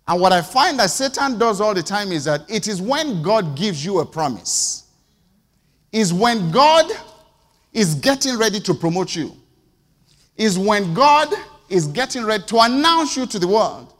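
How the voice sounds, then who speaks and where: A male preacher delivers his sermon in a fairly high voice that leaps up and drops low. He fires off rhetorical questions, bursting loud and then falling to quiet asides. His voice rings with the long reverb of a large hall. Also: very animated, moderate pace.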